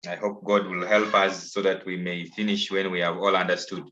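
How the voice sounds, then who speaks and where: A man's voice: deep voice, flat delivery, moderate pace, pushed and bright. A man with a Ugandan English accent teaching an online class, coaxing pupils and repeating himself patiently. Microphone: video call. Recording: dull, lo-fi online call audio.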